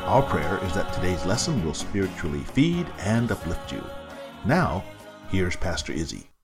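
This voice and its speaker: A man reading a measured, scripted introduction to a sermon program. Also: low voice, very animated. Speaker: program announcer. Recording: voice over loud music bed.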